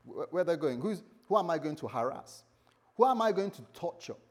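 A man's voice: fairly high pitch, expressive, fairly quick, breathy edge. A man, preaching, voicing a scornful tyrant king who taunts with a string of mocking rhetorical questions.

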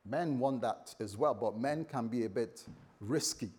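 Delivering a sermon, a pastor talks animatedly to his congregation, acting out quotes and checking in with the listeners as he goes. His voice is mid-range and slightly rough, at a measured pace.

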